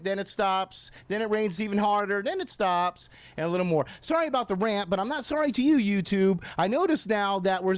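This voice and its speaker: A male radio host rants bluntly and swears freely in a fairly high voice. His sound is close and dry, recorded in a radio studio. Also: no echo. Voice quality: blunt, profane, ranting. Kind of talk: ranting radio talk.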